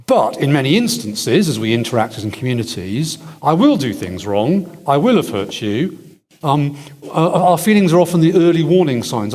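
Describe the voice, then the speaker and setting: In an echoey, crowded hall, a man with a mid-range, slightly mellow voice responds to questions during a church conference Q&A. He reasons aloud, restarting now and then and adding wry asides.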